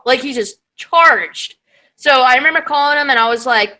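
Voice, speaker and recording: A young woman co-hosting a podcast over a video call, telling a work story in animated, swearing casual chat and acting out the quotes. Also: sits high, normal speed, poor audio. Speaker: podcast co-host. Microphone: video call mic.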